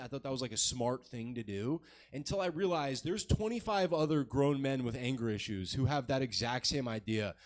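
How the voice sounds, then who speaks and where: A man in his twenties doing a crude, self-mocking stand-up set on a comedy club stage. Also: fairly high pitch. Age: 20s.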